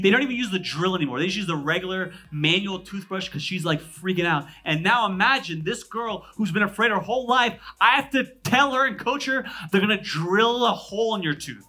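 A man in his thirties, a pastor from California, preaching a sermon. He jumps between loud, emphatic lines and hushed asides, with quick, conversational humor. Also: high-pitched, faint music behind.

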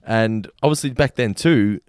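A man's voice: fairly low pitch, normal speed, a little mellow, clear, resonant tone, dry recording, clean studio sound. A man co-hosting a podcast in casual chat, easygoing and agreeable, often chuckling. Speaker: podcast co-host.

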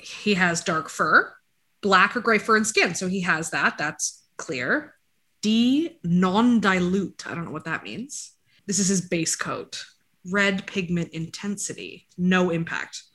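Woman reading dog dna stuff out loud, bright voice, rambly and jokey. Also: fairly low pitch, animated, slow. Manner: chatty, scattered, jokey asides to her dog. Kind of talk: casual chat.

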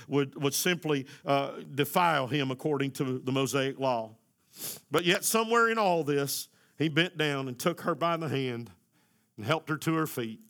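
Male pastor, middle-aged, slightly high and bright voice, builds sermon to loud exhortation. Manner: builds from soft storytelling to loud, rising exhortation.

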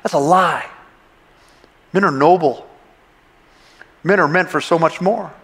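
A man's voice: on the high side, a little slow, a bit bright. Emphatic male preacher in a reverberant hall. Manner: impassioned, emphatic preaching with repetitions and restarts. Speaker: pastor. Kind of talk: sermon. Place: church sanctuary. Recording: long reverb of a large hall.

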